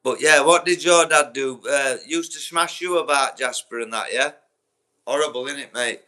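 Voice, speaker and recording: Brief: young Yorkshire man, livestream host, blunt and profane, bright forceful tone. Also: medium pitch, moderate pace. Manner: blunt, sweary, talks straight to chat viewers by name. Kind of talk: casual livestream chat.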